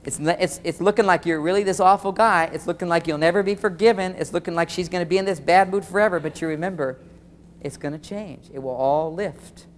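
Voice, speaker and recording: A man giving a live relationship seminar, animated and talking straight to his audience, often acting out quoted dialogue. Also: high voice, brisk, long reverb tail, slight background noise.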